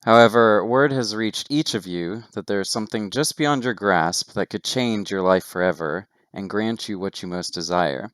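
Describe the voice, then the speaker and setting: Low smooth-voiced man narrating as game master. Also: moderate pace, hardly any pauses, no room sound, studio quality. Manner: steady descriptive narration with casual asides.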